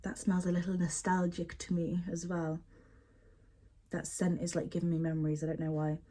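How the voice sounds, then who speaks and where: A young woman with a husky, slightly breathy voice sitting low in pitch chats through an unboxing. She is chatty and expressive and pokes fun at herself as she sniffs and describes each product. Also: moderate pace. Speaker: beauty product unboxing vlogger. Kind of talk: casual unboxing chat.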